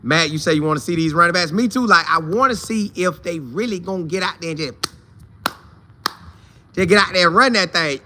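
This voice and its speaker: Bright-voiced man hosting a casual fan stream. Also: high voice, a little fast. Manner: greets viewers by name, repeats phrases for emphasis. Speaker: host of a college football fan show. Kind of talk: casual live-stream chat reading viewer comments.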